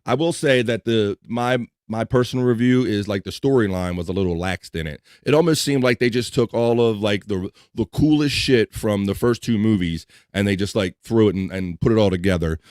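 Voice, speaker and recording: A chatty man with a low voice and a slight Mid-Atlantic American twang hosts a live podcast stream. He rambles loosely and restarts sentences mid-thought. The sound is dry and close, with no room echo. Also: brisk, few pauses, a little mellow. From Mid-Atlantic United States. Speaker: podcast host. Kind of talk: casual live-stream chat.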